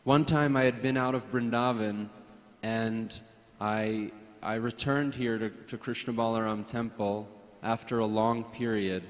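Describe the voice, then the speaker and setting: A man sharing personal memories at a memorial gathering, hesitant, with frequent restarts and soft laughs. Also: on the low side, fairly even intonation, a little slow, big-room sound. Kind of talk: personal reminiscence.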